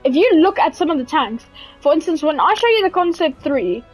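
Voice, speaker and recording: A woman's voice: high voice, big pitch swings, fairly quick, soft background music, low-quality recording. A young South African woman, a native Afrikaans speaker, giving casual, hesitant gameplay commentary full of fillers. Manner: hesitant, many fillers and restarts. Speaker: gaming video creator.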